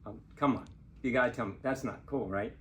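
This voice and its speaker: An older man, a lawyer, telling a true personal story in a chatty, animated way and laughing now and then. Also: mid-range voice, fairly quick. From Portsmouth, Virginia. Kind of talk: casual spoken storytelling.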